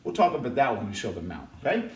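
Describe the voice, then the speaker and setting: Male kids' jiu-jitsu coach, animated step-by-step demo, recorded from far off in an echoey mat room. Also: medium pitch, quick pace, slight background noise. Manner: explains step by step, checks in with "all right?". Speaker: jiu-jitsu instructor for kids. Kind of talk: demonstrating technique for kids. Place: martial arts academy mat room.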